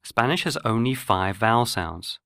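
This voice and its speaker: A man giving scripted, measured narration for a pronunciation lesson. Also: mid-range voice, expressive, gravelly, a bit bright, no room sound, clean studio sound. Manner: measured, explanatory. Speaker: language course narrator.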